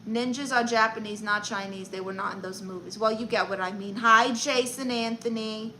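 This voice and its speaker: A woman's voice: mid-range voice, steady tone, moderate pace, pushed and bright, slight background noise, low-quality recording. A woman with a Brooklyn New York accent, hosting a comedy live stream in character, chatty and brash as she greets viewers and reads the chat aloud. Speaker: livestream comedy host.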